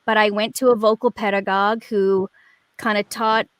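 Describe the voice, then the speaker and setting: A woman in her forties, a guest performer telling a story in a rambling, animated way with lots of fillers over a video call. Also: mid-range voice, moderate pace, dry recording. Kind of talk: casual chat.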